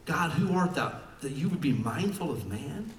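A male pastor preaching a passionate sermon to his church, swinging from quiet talk to shouting. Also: a little high, big pitch swings, moderate pace, slight background noise. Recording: echoey church room from far off.

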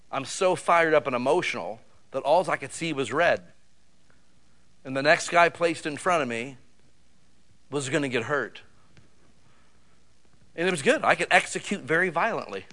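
A middle-aged man preaching a sermon, animated, with loud bursts and sudden drops to quiet. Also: medium pitch. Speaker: pastor.

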